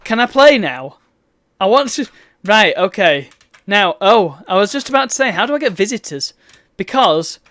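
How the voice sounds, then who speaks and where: Lively woman streaming a game. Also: medium pitch, moderate pace, no room sound, clean studio sound. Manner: chatty, exasperated outbursts at the game. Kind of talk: live gameplay commentary.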